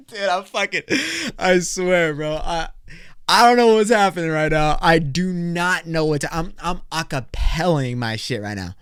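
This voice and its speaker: A young man in his twenties hosting a solo podcast, rambling, profane and high energy. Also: normal speed, a bit bright, smooth, no room sound, clean studio sound. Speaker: podcast host.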